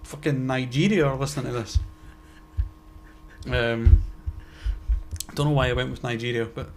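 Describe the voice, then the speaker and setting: A man's voice: medium pitch, fairly even intonation, normal speed, a little hiss or hum. A young Scottish man co-hosting a podcast in loose, rambling, self-mocking casual chat. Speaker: podcast co-host.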